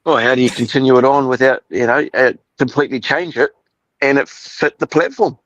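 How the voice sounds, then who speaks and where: A man, a guest on a livestream, speaking in a measured, hesitant way. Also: medium pitch, fairly bright tone, no room sound, muffled recording. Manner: measured, hesitant, thinks aloud. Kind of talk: casual chat.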